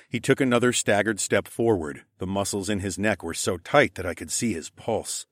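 A man narrating a fantasy story in the first person with dramatic, expressive reading. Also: fairly low pitch, no echo, clean studio sound.

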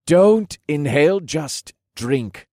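A man's voice: medium pitch, big pitch swings, moderate pace, darkish tone, no room sound, clean studio sound, voice pushed up. A man voicing a cheerful, helpful young lieutenant in an audiobook. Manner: chipper, helpful.

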